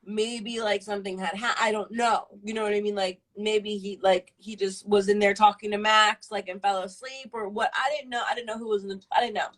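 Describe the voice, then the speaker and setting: A woman's voice: medium pitch, fairly even intonation, a little fast, hardly any pauses, a bit bright, rough recording. A woman in her twenties on a live stream, telling a personal story in a casual, rambling way, full of fillers and swearing. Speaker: livestream guest.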